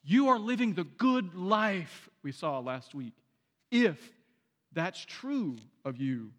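A man's voice: sits high, sing-song, slow pace, fairly bright tone. A man preaching a sermon as a pastor, in a conversational style that repeats phrases, restarts sentences and puts direct questions to the congregation. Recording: long hall reverb.

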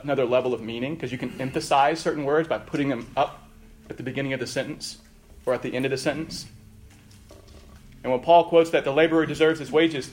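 A man's voice: medium pitch, a little hiss or hum. A middle-aged man teaching a Bible class in a conversational lecture style, with asides and emphatic readings of quotes.

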